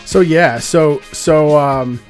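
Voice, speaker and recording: A middle-aged man co-hosting a casual music chat, talking in halting bursts with many restarts and fillers. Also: a little high. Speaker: podcast co-host.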